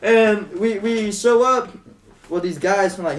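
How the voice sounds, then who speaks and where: A man tells a rowdy story in casual chat, his voice sitting a bit high. He curses freely and acts out every quote. The room rings with echo. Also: moderate pace. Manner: animated, swearing, acts out quotes. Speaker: podcast guest.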